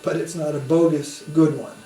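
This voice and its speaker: Moderately paced and fairly even in intonation, a swami's slightly high, dark voice carries a spiritual lecture. He tells anecdotes in a conversational way and uses tag questions to keep listeners with him. Roomy sound, faint hum.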